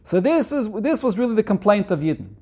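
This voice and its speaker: A man's voice: high-pitched, big pitch swings, fairly quick, a little mellow. A man with a Yeshivish accent teaching a Torah text, reading the Hebrew and then explaining it line by line in English, repeating key points. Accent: Yeshivish English with Hebrew and Yiddish terms.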